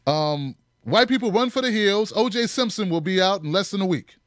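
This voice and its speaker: A man's voice: high-pitched, animated, normal speed, dry recording. A man hosting a political commentary show, talking in a punchy, sarcastic way with mocking asides.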